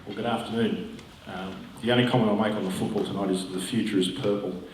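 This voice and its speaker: A man's voice: fairly low pitch, fairly even intonation, quick pace, very noisy. A man, a pastor giving a conversational talk with musing asides. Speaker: pastor and guest speaker. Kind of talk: informal talk to an audience. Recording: roomy hall, distant mic.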